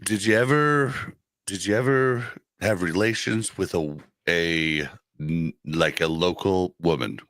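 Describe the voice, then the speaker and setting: A middle-aged man with a slightly low, bright voice chimes in with eager, joking questions. His sound is dry and close, with no room around it. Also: slow, dry recording. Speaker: guest. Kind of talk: casual chat.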